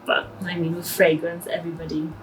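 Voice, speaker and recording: A woman's voice: lowish voice, monotone, fairly quick, a little hiss or hum, rough recording. A woman chatting casually as a guest, thinking aloud and reflecting as she talks. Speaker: guest fragrance reviewer. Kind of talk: casual conversation.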